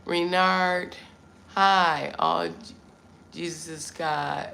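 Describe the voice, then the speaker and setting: Middle-aged American woman, low and gravelly, hosting a chatty livestream and answering comments. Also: steady tone, extremely slow, bright, forceful tone. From United States. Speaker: livestream host. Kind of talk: casual livestream chat. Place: Vietnam.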